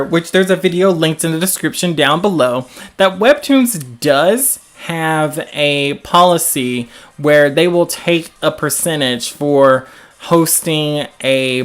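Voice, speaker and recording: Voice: medium pitch, expressive, slow pace. A host with a Southern US accent in casual live commentary, chatting loosely and answering viewer comments, with lots of "like" fillers. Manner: frequent "like" fillers. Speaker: streamer commenting on news.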